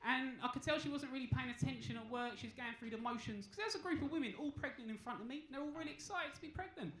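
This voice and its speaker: Young man, stand-up comic, cheeky and crude, bright high voice, echoey club. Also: quick pace. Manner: cheeky, crude, deadpan storytelling. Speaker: stand-up comedian. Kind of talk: stand-up comedy set. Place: comedy club stage. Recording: echoey club room, faint noise.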